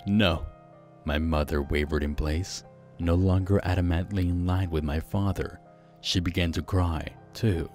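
A man narrating a first-person horror story, slow, hushed and suspenseful. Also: sits low, steady tone, soft background music.

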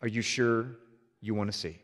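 A man voicing God the Father in a slow, low, hushed voice, in a hall with long reverb. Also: natural voice. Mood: solemn, hushed. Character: God the Father, a deep, hushed, solemn male voice.

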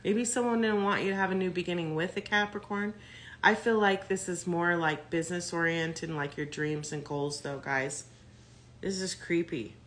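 A woman's voice: on the low side, normal speed, a bit bright. A woman doing a casual tarot reading to camera, blunt and profane, thinking aloud as she talks. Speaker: tarot reader.

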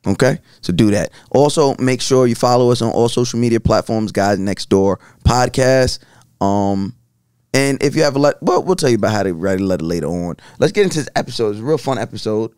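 A New man riffs his way through a podcast, joking and rambling as he tells a story. His voice sits at an ordinary middle pitch, and it is recorded close and dry on a studio mic. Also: animated, brisk, darkish tone, clear, resonant tone, dry recording. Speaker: podcast co-host. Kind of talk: casual podcast banter.

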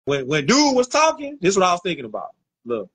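A man hosting a livestream on his phone, talking in a slangy, animated way and repeating lines for emphasis. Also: high voice, fast talker, husky. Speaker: livestream host. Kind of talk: casual livestream rant.

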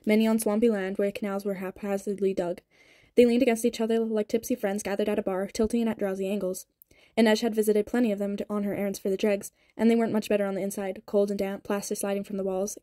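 A woman reading a novel aloud in a steady, even way, with a few slips and restarts, on sped-up audio. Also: medium pitch, dry recording. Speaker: audiobook reader.

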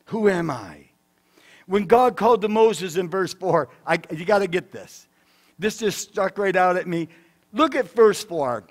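A man, a pastor, preaching a sermon in church, swinging between loud emphatic declarations and soft, low asides. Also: lively intonation, a little slow. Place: church sanctuary.

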